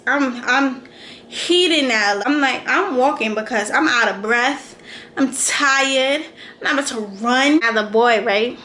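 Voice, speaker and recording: A young adult woman vlogger, telling a storytime with animated, slangy quotes. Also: high voice, normal speed, echoey room. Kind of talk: storytime vlog.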